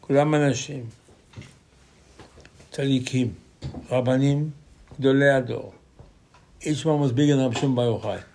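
A man's voice: mid-range voice, moderate pace, long pauses, dark tone, slight background noise. A man giving an informal Torah lecture, arguing through rhetorical questions with his voice rising sharply.

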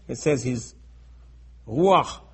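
A man teaching in a sermon style, emphatic and repetitive, acting out dialogue, going from soft asides to loud urgent stresses. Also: medium pitch, expressive, drawn-out words, slightly rough. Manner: acts out dialogue in his teaching. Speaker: Torah teacher.

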